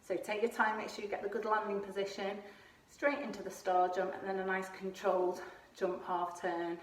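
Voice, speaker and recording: A woman speaks at a moderate pace in a level, mid-range tone while coaching kids through gymnastics moves at home. Encouraging throughout, she shows each one as she explains and sometimes runs short of breath; the echoey room places her voice at a distance.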